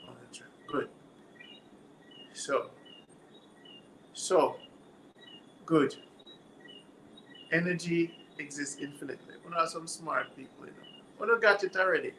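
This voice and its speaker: A man's voice: fairly high pitch, sharp tone, slight background noise, poor audio. A man with a Jamaican accent hosting a live stream, reading viewer comments aloud, laughing often and quizzing his viewers like a teacher. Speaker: livestream host.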